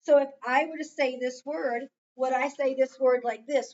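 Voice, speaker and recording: Her voice is high and somewhat dark in tone, with fairly even intonation and a moderate pace. She is a reading tutor patiently prompting a child with questions during a one-on-one phonics lesson, recorded with distant, dull lo-fi sound.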